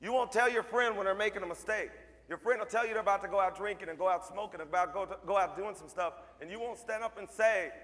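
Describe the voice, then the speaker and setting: High-voiced man speaking emphatically in a hall. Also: fast talker, a bit bright. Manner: emphatic, storytelling, repeats for effect. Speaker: motivational speaker and mentor. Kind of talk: speech to a school assembly. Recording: long hall reverb.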